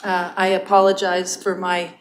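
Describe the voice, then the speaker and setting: A woman's voice: on the low side, monotone, a little hiss or hum. Earnest woman chairing a council. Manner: earnest, passionate, measured. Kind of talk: council meeting debate.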